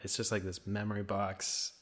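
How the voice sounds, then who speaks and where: Young midwest dude, kinda low voice, rambles with lots of likes. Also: male voice, monotone, moderate pace, a bit bright. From American Midwest. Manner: rambling, full of "like" fillers. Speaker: podcast guest. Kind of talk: casual conversation.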